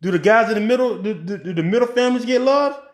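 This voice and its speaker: A man with a high voice delivers a casual opinion monologue in an echoey room. He talks in an animated way, fires off rhetorical questions and restarts his sentences, filling the gaps with ums. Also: fast. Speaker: political commentary podcaster.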